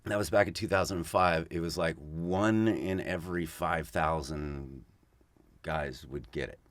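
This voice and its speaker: A man's voice: low voice, unhurried, no echo. A middle-aged man telling stories in casual podcast chat, rambling and restarting as he talks. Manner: rambling, with many restarts and fillers. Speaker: podcast guest.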